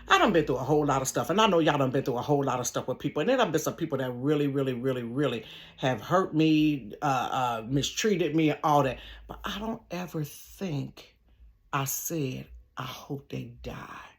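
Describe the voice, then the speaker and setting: A woman in her bedroom, telling a personal story straight to her viewers in a casual, animated way. She acts out other people's words and speaks close to her camera. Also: deep voice, fairly quick. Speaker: storytime vlogger.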